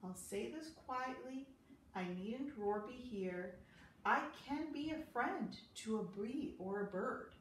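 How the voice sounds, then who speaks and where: A woman reading aloud voices a gentle, poetic young male lion who speaks softly and earnestly in a storybook. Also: a little high, animated, slow pace, roomy sound, recorded from a distance, slight background noise, low-quality recording. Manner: soft, earnest, thoughtful.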